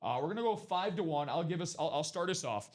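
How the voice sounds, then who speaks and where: A man's voice: on the high side, expressive, fast talker. A man hosting a live autograph break stream, chatty and hyped, joking with his co-host. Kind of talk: upbeat live-stream sales patter. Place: studio break room.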